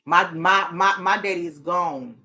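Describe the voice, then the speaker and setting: A woman's voice: lowish voice, unhurried, bright, forceful tone. A woman hosting a talk show as a therapist, speaking earnestly in a casual, heartfelt way. She often restarts her sentences and breaks into laughter.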